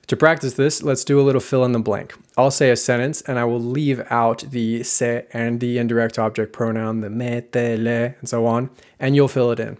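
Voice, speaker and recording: A man's voice: medium pitch, darkish tone. Methodical male language teacher. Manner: clear, methodical explanations with slow example sentences. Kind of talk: explanatory lesson.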